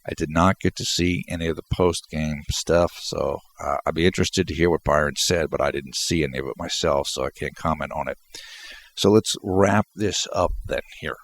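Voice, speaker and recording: Low gravelly congested man. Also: normal speed. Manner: rambling, repeats words and restarts. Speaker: basketball video commentator. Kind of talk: solo post-game commentary.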